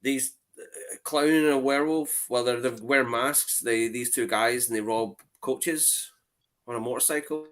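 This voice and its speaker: Bright-voiced jokey man. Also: mid-range voice, unhurried. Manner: jokey, acts out silly quotes. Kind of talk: casual film chat.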